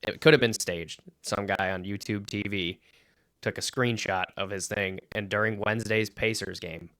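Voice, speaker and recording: A man co-hosting a casual sports podcast, telling stories with lots of swearing and acting out quotes loudly. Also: fairly low pitch, normal speed, no room sound. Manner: animated storyteller, swears freely, acts out quotes loudly. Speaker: podcast co-host.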